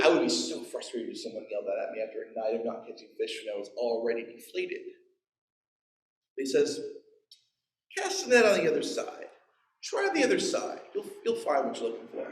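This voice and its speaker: A man's voice: mid-range voice, fairly quick, reverberant, rough recording. A man in his forties preaching a sermon, telling the story with playful asides and acted-out quotes. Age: 40s. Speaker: pastor. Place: church.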